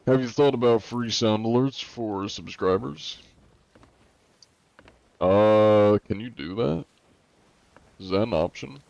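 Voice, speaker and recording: Laid-back male streamer, lowish voice. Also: takes it slowly, gravelly, pauses often, darkish tone, dry recording, dull audio. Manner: laid-back, joking, reads chat questions aloud. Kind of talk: casual chat with viewers while gaming.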